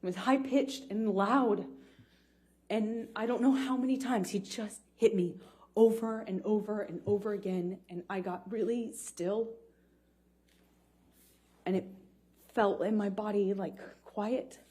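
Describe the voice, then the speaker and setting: Woman on the witness stand, really slow, stops and restarts a lot, warm lowish voice. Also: fairly even intonation, slightly rough. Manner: halting, with frequent pauses and restarts. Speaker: trial witness. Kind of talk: courtroom testimony. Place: courtroom.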